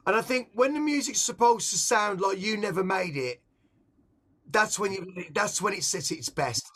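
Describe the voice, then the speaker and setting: A man's voice: high voice, expressive, moderate pace, a bit bright. A middle-aged man from England being interviewed, talking in a reflective, rambling way with many restarts and repeated words. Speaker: interviewed artist. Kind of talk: reflective casual conversation.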